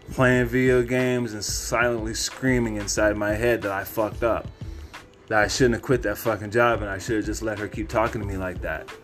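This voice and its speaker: A man hosting a podcast, telling a personal story in a candid, rambling way with plenty of cursing. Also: on the low side. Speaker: podcast host.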